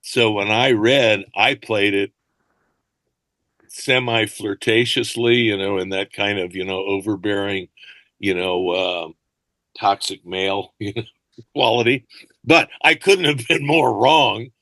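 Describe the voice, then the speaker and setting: Older guy on a video call, gravelly bright voice, dry sound, rambling stories. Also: on the low side, unhurried, no echo. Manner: animated, rambling anecdotes with frequent restarts. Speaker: actor and fight choreographer guest. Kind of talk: casual interview storytelling.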